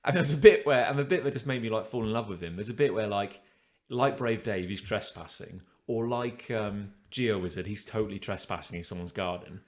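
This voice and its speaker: A man co-hosting a podcast, telling stories in a rambling, animated way with lots of fillers. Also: on the low side, a little fast, hardly any pauses. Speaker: podcast co-host. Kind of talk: casual chat.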